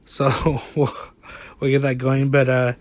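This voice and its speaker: A man's voice: medium pitch, monotone, unhurried, dry recording. A man giving rambling, exasperated, self-mocking commentary over a game. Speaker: gaming vlogger. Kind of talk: casual gameplay commentary. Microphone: close desk mic, no camera.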